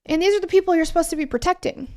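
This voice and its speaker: A woman co-hosting a true crime podcast, telling the case in a casual, animated way with exasperated asides. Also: very high voice, rapid-fire. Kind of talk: casual conversational storytelling.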